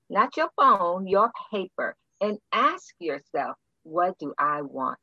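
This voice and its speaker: Animated woman coach with a blunt delivery. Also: mid-range voice, dry recording, lo-fi sound. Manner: emphatic, blunt, playful, preacherly swings. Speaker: guest coach. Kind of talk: motivational advice.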